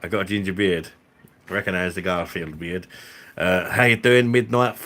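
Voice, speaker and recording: Middle-aged bloke, low-pitched, sweary banter for a live stream. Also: male voice, fairly even intonation, moderate pace, fairly bright tone, a little hiss or hum. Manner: blunt, sweary, jokey banter with chat. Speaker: live streamer and beer reviewer. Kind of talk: casual live-stream chat.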